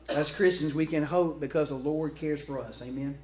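A male pastor delivers a sermon in a loose, chatty manner, stumbling through restarts and calling out to the congregation for a reply. His voice sits slightly high for a man. The sound carries through a roomy, echoing church hall with faint background noise. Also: measured pace. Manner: animated, conversational, with many restarts; calls out to the congregation.

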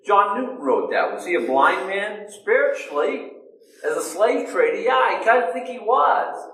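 A man's voice: sits high, normal speed. A man preaching a sermon in a loose, conversational way, asking himself questions and answering them. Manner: conversational, self-questioning, animated. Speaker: pastor. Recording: echoey room, mic at a distance.

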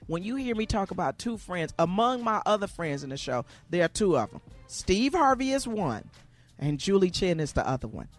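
A woman's voice: fairly low pitch, very animated, normal speed, faint music behind. A woman guest comedian on a radio morning show, talking in a boisterous, joking way that turns emotional. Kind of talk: lively radio chat.

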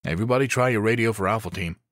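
A steady SWAT team leader in an action audiobook, giving firm, calm instructions in a deep voice as a male narrator voices him. The sound is close and dry. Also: racing, dry recording, lightly acted.

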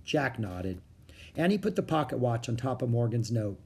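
A reader narrating a children's chapter book aloud in a calm, steady storytelling manner. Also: mid-range voice, moderate pace, slightly rough.

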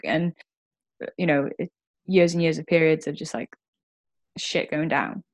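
A woman's voice: low voice, steady tone, a little slow. A young woman, talking candidly as a guest in a casual chat. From Wales. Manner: candid, swears, swings from laughing to reflective.

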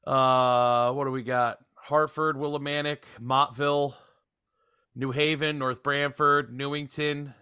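A man's voice: mid-range voice, level tone, a little slow, pushed and bright, clear, resonant tone, no room sound, studio quality. A young man hosting a podcast, joking and swearing in casual chat. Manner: profane and joking. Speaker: podcast host.

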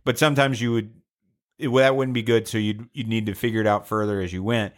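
A man's voice: on the low side, steady tone, fast talker. A man hosting a podcast, telling a long joke in a casual, hesitant, rambling way. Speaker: podcast host.

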